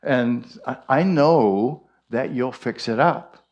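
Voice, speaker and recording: A man's voice: medium pitch, slow, a little mellow, dull audio, lightly acted. A man quoting a generous male friend who offers him an old car.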